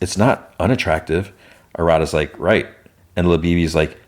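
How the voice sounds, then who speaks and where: A man hosting a podcast, casually recapping a TV episode in a rambling way, with frequent restarts and quick quoted lines from the characters. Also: sits low, steady tone. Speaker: podcast host.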